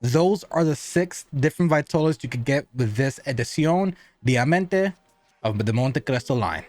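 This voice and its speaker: A man's voice: mid-range voice, lively intonation, moderate pace, a little mellow, no echo, faint music behind. A man giving a casual cigar review, rambling and asking and answering his own questions.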